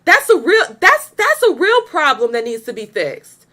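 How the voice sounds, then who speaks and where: A woman's voice: sits high, huge pitch swings, moderate pace, bright, forceful tone. A young woman hosting a reaction video, talking bluntly and with exasperation, cursing freely and laughing often while she comments. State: pregnant.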